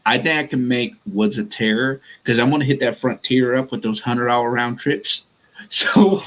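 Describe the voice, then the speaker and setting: A man's voice: medium pitch, steady tone, fairly quick, fairly bright tone, rough recording. Joking laid-back male co-host. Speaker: podcast co-host. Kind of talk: casual chat.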